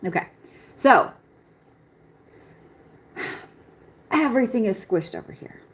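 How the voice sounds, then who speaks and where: Reading an astrology chart on a live stream, a young adult woman speaks slowly in a medium-pitched voice with lively intonation. She's blunt and laughs and swears often as she goes.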